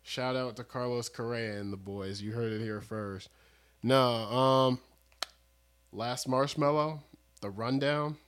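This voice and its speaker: A man's voice: medium pitch, slow pace, fairly bright tone, clean tone. Joking, rambling young man on a podcast. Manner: rambling, joking, restarts stories. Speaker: podcast co-host. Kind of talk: casual chat.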